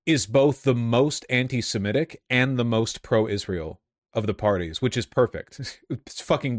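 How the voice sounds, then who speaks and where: Brief: man streamer, sarcastic and swearing, lowish voice, close dry sound. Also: fairly quick, dry recording. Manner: sardonic, profane, laughing asides. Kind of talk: casual political commentary.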